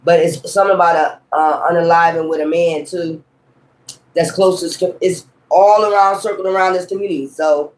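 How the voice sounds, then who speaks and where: Profane, rambling man in an echoey room. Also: sits high. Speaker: tarot reader. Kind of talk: casual tarot reading monologue.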